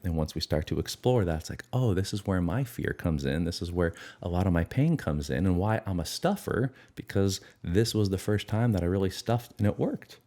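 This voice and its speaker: A middle-aged man with a very low voice speaks earnestly in an interview. He reflects on his own experience and now and then acts out little inner conversations. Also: animated, fairly quick, few pauses, dark tone. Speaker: guest, addiction recovery expert.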